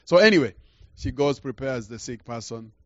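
An older man preaching a sermon through a story, halting and repeating words, swinging from quiet to loud. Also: medium pitch, expressive, no room sound, lo-fi sound. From Uganda.

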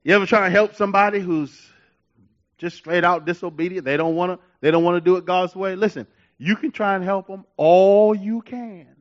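A male pastor preaching a sermon in an animated way, laughing, repeating himself and telling stories. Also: high voice, moderate pace, dull audio.

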